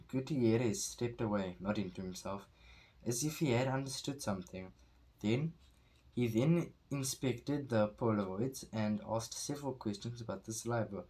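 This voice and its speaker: A man's voice: medium pitch, a little mellow. A man reading a novel aloud at home, often stumbling and correcting himself mid-sentence. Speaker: reader. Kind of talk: amateur novel read-aloud.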